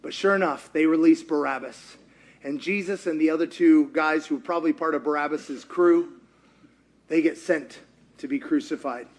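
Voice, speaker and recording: A man preaching a sermon, retelling a story in a lively conversational way and acting out the characters' lines. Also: fairly high pitch, normal speed. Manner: acts out quotes in character voices, lively and conversational. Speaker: pastor.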